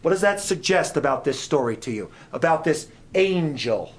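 Middle-aged male guest preacher, slightly high voice, animated sermon delivery that shifts from hushed to loud. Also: moderate pace. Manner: lively, questions the audience, swings from soft to loud.

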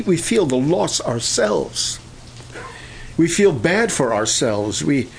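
An older man preaching a sermon, pausing often and restarting his sentences. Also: a little high, slight background noise. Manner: halting, many filler pauses and restarts.

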